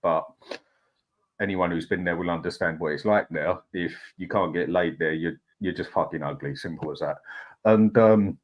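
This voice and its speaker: A man's voice: low voice, moderate pace, highs cut off. A man with a London accent, co-hosting a casual football podcast and telling blokey, sweary anecdotes. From London, England. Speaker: podcast co-host.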